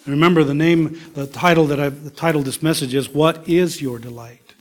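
A man preaching a sermon in a slow, emphatic way, dropping at times to a soft whisper. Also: a little high, steady tone. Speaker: pastor.

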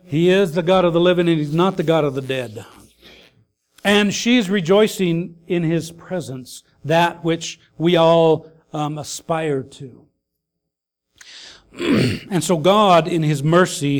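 Earnest preacher man. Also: fairly high pitch. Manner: earnest, pausing often with fillers, rising to emphatic calls. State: grieving his mother. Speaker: pastor. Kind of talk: sermon.

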